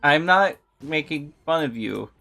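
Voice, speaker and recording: A woman's voice: low-pitched, expressive, measured pace, creaky, pushed and bright. A woman streamer chatting casually while gaming, fumbling for words and giggling often.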